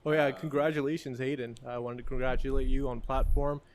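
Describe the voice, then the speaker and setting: A man's voice: medium pitch, fairly even intonation, brisk. A man guesting on a podcast at a distillery, friendly and jokey in casual chat, laughing often. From Ontario, Canada. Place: indoors at a distillery.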